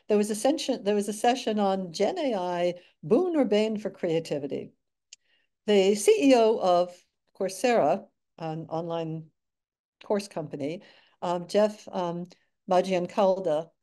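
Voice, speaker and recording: An older woman gives a measured academic lecture from her slides, her voice mellow and soft-edged. She adds dry asides and pauses on filler words as she goes. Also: mid-range voice, animated. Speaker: guest speaker.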